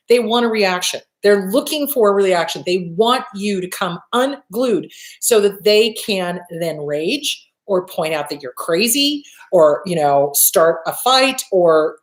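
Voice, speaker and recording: Woman host, mid pitch, blunt and emphatic, casual swearing, live Q&A advice talk, echoey room. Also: lively intonation, unhurried, few pauses. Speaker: host answering viewer questions. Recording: roomy echo.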